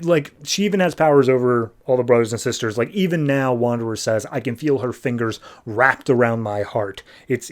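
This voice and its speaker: Guy hosting a comics podcast, just chatting through the plot, tosses in quick silly voices. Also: mid-range voice. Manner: breezy, voices characters' lines with quick shifts. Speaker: podcast host. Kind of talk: casual comic book recap.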